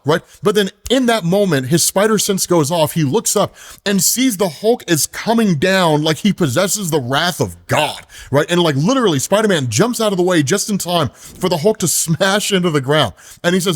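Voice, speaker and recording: A man on the higher side of the male range retells a comic book story in a casual, chatty way. His voice jumps around a lot in pitch as he tells it. He laughs often and drops quick asides between the events. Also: big pitch swings. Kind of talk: casual comic recap narration.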